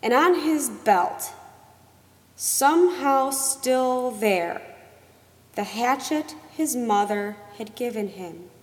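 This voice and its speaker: A woman reading a novel aloud as narrator, in a measured, expressive storytelling manner. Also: on the high side. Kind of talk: audiobook narration. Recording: long reverb.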